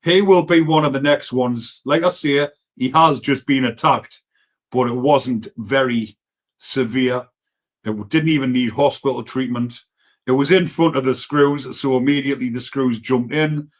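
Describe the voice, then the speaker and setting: With fairly even intonation and a mid-range voice at a moderate pace, a Geordie man reads viewer comments on an easygoing live stream. He's blunt, swears often, and drifts into rambling asides.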